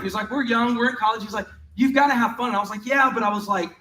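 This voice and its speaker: A young man, speaking at a youth camp and telling a story in a lively way, with many "like"s. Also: very high-pitched, quick pace, few pauses, slight background noise. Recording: roomy, heard from a distance.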